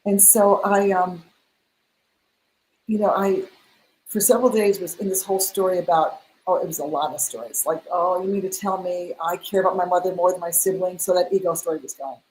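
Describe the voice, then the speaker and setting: A woman's voice: on the low side, fairly quick, slight background noise, poor audio. A middle-aged woman, a spiritual mentor, telling a personal story in an interview, acting out the dialogue she quotes. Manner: animated, acts out quoted dialogue.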